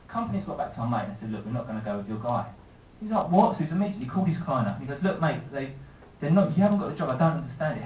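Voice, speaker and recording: Young male stand-up, deadpan storyteller, animated pitch, picked up from afar in a roomy club. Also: distant mic. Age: 20s. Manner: deadpan storytelling with voiced impressions. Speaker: stand-up comedian. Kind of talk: stand-up comedy set. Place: comedy club stage. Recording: roomy lo-fi live recording from afar.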